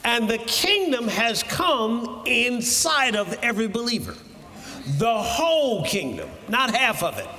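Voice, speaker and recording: Man, preacher, sermon, high lively voice, shouted bursts, echoey hall. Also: measured pace.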